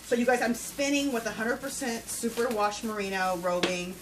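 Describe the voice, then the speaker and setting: A woman with a slightly high voice and fairly even intonation talks at a moderate pace on a low-quality recording with a bit of hiss or hum. She hosts a fiber-craft podcast, gushing enthusiastically to viewers in a casual show-and-tell chat packed with ums and other filler words.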